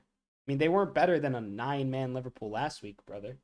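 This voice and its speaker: A fairly quick, expressive man with a medium-pitched voice hosts a livestream football watchalong. He chats casually with viewers, reacts loudly to goals, and addresses the chat with lots of slang.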